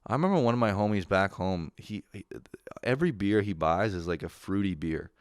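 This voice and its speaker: Deep-voiced young man ranting profanely. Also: a little fast, dry recording, clean studio sound. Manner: profane, laughing, mocking impressions. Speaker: podcast host. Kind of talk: casual solo podcast rant.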